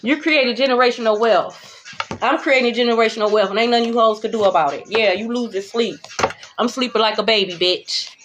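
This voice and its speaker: Woman doing a tarot reading, kinda high voice, cussing and blunt, music playing faint behind her. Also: fairly quick. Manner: blunt, profane, swings between calm and heated. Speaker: tarot reader. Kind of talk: spiritual tarot reading to viewers. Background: background music.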